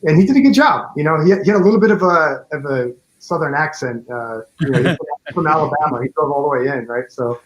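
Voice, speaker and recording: A man in a relaxed interview talks through how his fan film came together. He rambles, leaning on fillers and restarting his sentences. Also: fairly high pitch, quick pace, hardly any pauses, highs cut off. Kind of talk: casual interview chat.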